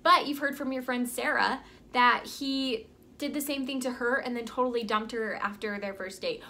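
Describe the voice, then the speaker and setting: A young woman life coach talks straight to camera in a motivational vlog. Her voice is high and bright, and she keeps it upbeat and chatty, peppered with "like" and "right?". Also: fairly even intonation, moderate pace.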